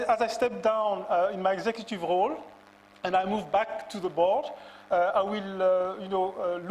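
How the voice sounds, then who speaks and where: Man, farewell speech, measured and halting, higher voice, light hum behind. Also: poor audio. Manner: measured, halting, with many fillers. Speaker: outgoing executive giving a farewell speech. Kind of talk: formal speech.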